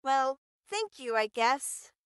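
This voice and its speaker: Woman playing a teasing flirty neighbor, high bright voice, very slow, listener role-play. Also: big pitch swings, clear, resonant tone, no echo, clean studio sound, exaggerated voice. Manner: teasing, sly warnings.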